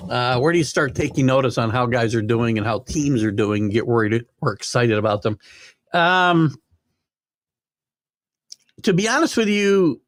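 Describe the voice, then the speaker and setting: Hiccuping through his live sports talk show, an older man reads out viewer comments and rambles casually with fillers. His medium-pitched voice is animated, at normal speed, with frequent pauses. The sound is dry and studio-clean.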